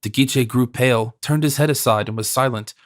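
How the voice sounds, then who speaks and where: A man narrating a classic novel in a steady, formal storytelling manner. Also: medium pitch, a little fast, dry recording, clean studio sound. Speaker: audiobook narrator. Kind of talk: scripted narration.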